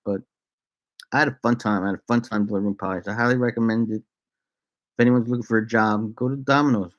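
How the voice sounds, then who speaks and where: A man's voice: mid-range voice, fairly even intonation, fairly quick, lo-fi sound. A man vlogging a casual story to camera, laid-back and rambling, laughing often and slipping into made-up sing-song bits.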